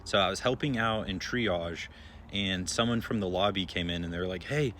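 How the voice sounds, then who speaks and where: A young man who works as an emergency room nurse tells a story in a relaxed, chatty way, with many filler words. His voice sits a little low. A faint hum is heard behind him. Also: moderate pace. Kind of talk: casual storytelling to followers.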